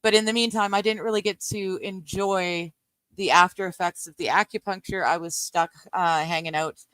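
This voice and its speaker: A middle-aged woman from Canada chatting casually with her live-stream viewers before reading aloud. She rambles, laughs often and fills pauses with lots of ums. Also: fairly low pitch, steady tone, fairly bright tone, smooth, no room sound.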